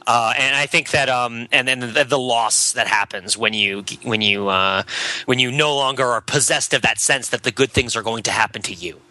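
A man's voice: medium pitch, moderate pace, bright, forceful tone, low-quality recording. A man co-hosting a casual literature podcast on a headset, rambling and restarting, laughing often as he talks. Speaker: podcast co-host.

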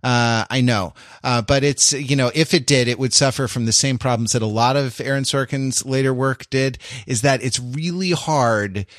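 A man's voice: mid-range voice, normal speed, few pauses, a bit bright, dry recording, studio quality. A man hosting a podcast in casual chat, rambling with many fillers and restarts. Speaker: podcast host.

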